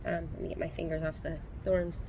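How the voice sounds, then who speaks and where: A woman in her thirties giving a relaxed, casual tour of her backyard garden, with frequent ums, recorded on a handheld phone outdoors. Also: deep voice, a little fast, background noise. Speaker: gardening vlogger.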